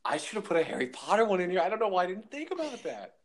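A young man hosting a casual podcast chat, animated and quick to laugh loudly. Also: sits high. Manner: animated, laughs loudly, says "dude" a lot.

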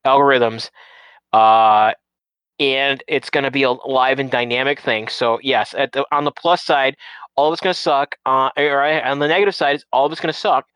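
Casual male talker, mid pitch, stumbling restarts, very dry booth-like sound. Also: fairly even intonation, normal speed, a bit bright, smooth, no room sound, rough recording. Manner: rambling, many restarts and repeated words. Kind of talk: casual chat.

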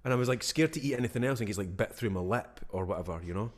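A man in his forties co-hosting a podcast in casual chat, laughing often, recorded in a room with high ceilings. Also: very fast. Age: 40s. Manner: laughs often, chatty and self-mocking. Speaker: podcast co-host. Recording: echoey room.

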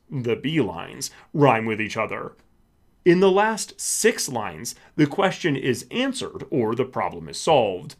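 Slow, lively male lesson narrator. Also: mid-range voice. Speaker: podcast host. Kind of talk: scripted educational narration for kids.

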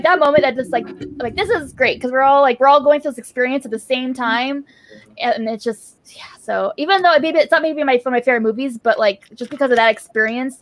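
A woman's voice: on the high side, a little hiss or hum. A woman, a mother, chatting casually and telling a story with many filler words. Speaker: panelist. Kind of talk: casual chat.

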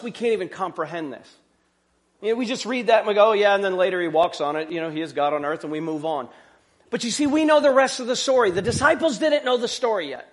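A pastor preaching a sermon in a conversational way, full of rhetorical questions and joking asides. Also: male voice, high-pitched.

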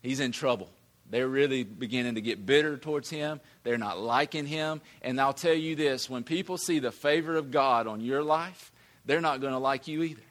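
A man's voice: mid-range voice, normal speed, a bit bright. A man, a pastor preaching a sermon in a conversational, emphatic way that often repeats words.

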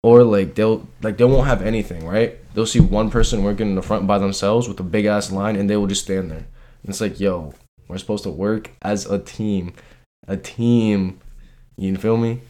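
A man's voice: lowish voice, steady tone, normal speed, mellow. A young man in casual chat as a podcast co-host, venting about work in slangy, profane talk full of "bro" and "like".

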